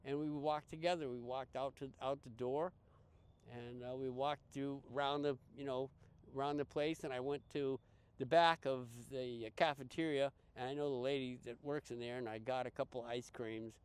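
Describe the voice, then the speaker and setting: A man, a podcast guest, telling a casual story in a rambling way with many restarts and animated quoted dialogue. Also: mid-range voice, normal speed, smooth. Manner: rambling, full of restarts and fillers, animated quoting.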